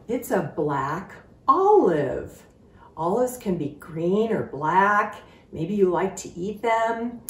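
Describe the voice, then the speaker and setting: A woman leads a children's phonics lesson with an unhurried pace and a lively, sing-song pitch. She speaks clearly and encouragingly, drawing out each sound. Her voice carries some room echo, heard from a little way off the mic. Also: distant mic. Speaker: phonics teacher. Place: sitting on a stool in a room.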